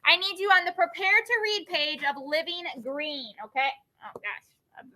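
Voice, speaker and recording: A woman's voice: very high voice, animated, normal speed, bright, forceful tone, slight background noise. A woman teacher leading a classroom lesson, explaining with everyday examples, often checking in with "okay?" and giving firm directions to the class.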